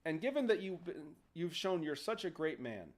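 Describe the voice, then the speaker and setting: A man puts on an ancient male genie who is endlessly put-upon. He apologizes as he threatens and grows impatient, and his pitch rises and falls in wide arcs. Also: sing-song, moderate pace. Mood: exasperated.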